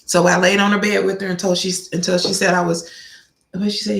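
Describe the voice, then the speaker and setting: Gravelly preachy woman in a roomy echo. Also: lowish voice, fairly even intonation, a little fast, a bit bright. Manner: preachy, storytelling, repeats key phrases for emphasis. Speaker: vlog host giving life advice. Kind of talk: casual motivational talk to viewers.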